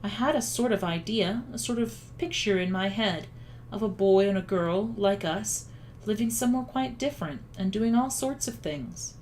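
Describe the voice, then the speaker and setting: A woman voicing a curious, sensible young girl in a storybook reading, gently earnest and a little dreamy. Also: mid-range voice, moderate pace, slight background noise, lightly acted. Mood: wondering.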